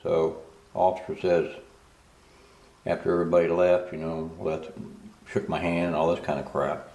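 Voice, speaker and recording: An older man with a very low, deep voice spins a rambling, folksy story, full of asides. His voice sounds roomy and echoing, as if he were in a bare room. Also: little pitch movement, normal speed, darkish tone. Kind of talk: casual spoken story, voice-over. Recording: roomy echo.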